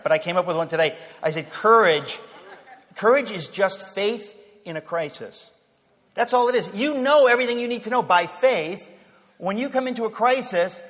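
A man giving an impassioned sermon-style speech to a Christian audience, emphatic and fervent, swinging from low, quiet passages to loud declarations. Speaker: speaker addressing a Christian audience. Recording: long hall reverb, faint crowd.

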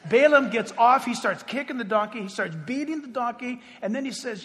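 A man pastor preaching a sermon, animated, swinging between loud exclaims and hushed asides. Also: very high voice, moderate pace, creaky, hardly any pauses. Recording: reverberant hall.

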